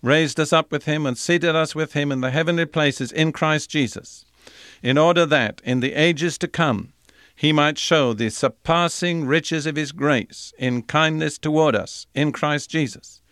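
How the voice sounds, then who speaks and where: A man giving a recorded Bible teaching in an earnest, measured way, reading scripture passages aloud between his own remarks. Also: fairly high pitch, fairly bright tone, no room sound, studio quality.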